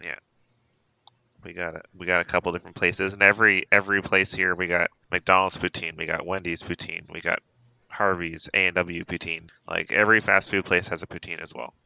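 A man's voice: sits low, level tone, fairly quick, vocal fry, sharp tone, clear, resonant tone, dry recording, rough recording. A man from Canada, hosting a podcast in eager, chatty casual talk. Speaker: podcast host.

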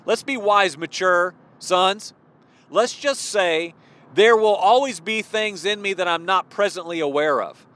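A man's voice: high voice, a little slow, fairly bright tone. A man giving an informal sermon to other men, rambling and restarting, addressing them as brothers. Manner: rambling, restarts often, talks to listeners as brothers. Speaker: preacher.

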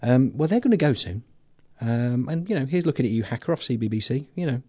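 A male podcast host from England talks in a jokey, rambling way, full of fillers. His voice is mellow and a little husky, and his pitch swings a lot. It sounds close and dry. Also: lively intonation, fast, no echo. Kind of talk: casual chat.

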